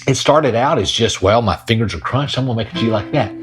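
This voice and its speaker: A man's voice: medium pitch, quick pace. A man teaching a casual guitar lesson in a laid-back way, talking while he plays. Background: his own acoustic guitar playing.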